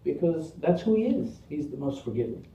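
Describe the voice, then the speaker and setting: A man's voice: fairly high pitch, big pitch swings, normal speed, mellow. A man preaches a Friday sermon, earnest and rhythmic, stacking phrase on phrase with rising emphasis. His voice carries from a distance through a roomy, echoing prayer hall, a little muffled on the recording.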